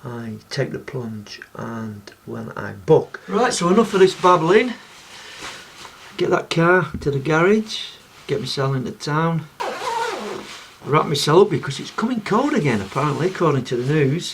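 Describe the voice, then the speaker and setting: A man's voice: fairly high pitch, animated, normal speed, slight background noise. A man, narrating his day in a casual vlog in a chatty, wry, self-mocking way. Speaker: vlogger.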